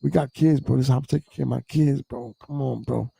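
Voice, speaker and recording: A man voicing a frightened male coworker who pleads in a hushed, repetitive way. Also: medium pitch, steady tone, fast, vocal fry, slightly rough, dry recording, full character voice. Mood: pleading. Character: scared male coworker, pleading to stay quiet.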